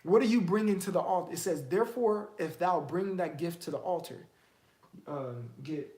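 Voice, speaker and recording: A man's voice: high-pitched, normal speed, dark tone, echoey room. A man teaching the Bible in a casual, streetwise way, firing off emphatic rhetorical questions.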